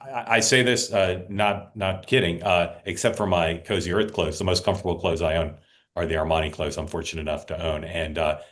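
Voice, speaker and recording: A man's voice: sits low, fairly even intonation, fairly quick, fairly bright tone. A man hosting a political talk show. He chats casually, plugs the upcoming programs and often restarts his sentences.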